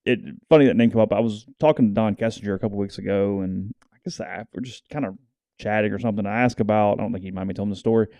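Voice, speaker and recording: A Southern US man co-hosts a sports podcast in easy, rambling chat, acting out the people in his stories. His voice sits low and mellow. The sound is dry and close. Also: fast talker, no echo. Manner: rambling storyteller, acts out quotes. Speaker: podcast co-host.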